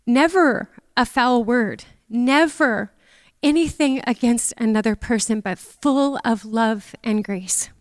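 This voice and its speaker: A woman's voice: fairly high pitch, clear, resonant tone, no room sound, long reverb tail. Tearful woman giving a memorial tribute. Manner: tearful, emotional, speaks of feelings openly. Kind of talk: heartfelt memorial tribute speech. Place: church.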